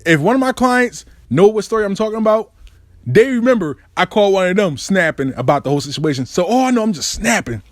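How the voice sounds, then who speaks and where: Lively, animated man telling a story. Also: quick pace, no echo. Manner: animated, swings between high and low registers; swears freely, slangy. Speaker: show host telling a personal story. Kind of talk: profane storytelling monologue.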